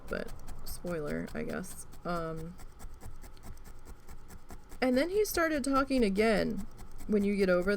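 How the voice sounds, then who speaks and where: A woman chatting casually as a crafting vlogger, rambling with lots of fillers and some swearing, getting animated as she tells a story. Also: mid-range voice, gravelly, a little hiss or hum. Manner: rambling, profane, many "um" and "like" fillers; animated when retelling a story.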